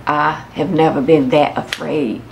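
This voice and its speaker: Low-voiced tearful woman. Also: steady tone, vocal fry, slight background noise. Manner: halting, repeats words, addresses viewers as y'all. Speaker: vlogger. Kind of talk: emotional personal story to camera.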